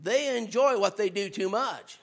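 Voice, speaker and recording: A man preaching a sermon as a guest preacher, talking to the congregation in a loose, conversational way. He rises to shouts at points and drops lower and slower when he reads scripture. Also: creaky. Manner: conversational and animated, rising to shouts.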